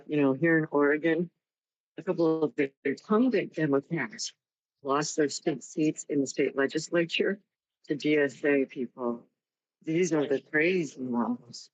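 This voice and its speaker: A woman's voice: deep voice, measured pace. A woman in a casual political chat, talking in an upbeat, sarcastic way. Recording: dull dry lo-fi line.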